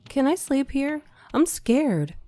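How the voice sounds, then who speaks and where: A woman doing a shrill, tearful pleading young girl. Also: sing-song, slow, mellow, faint music behind, exaggerated voice. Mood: small and scared. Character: frightened pleading teenage twin girl.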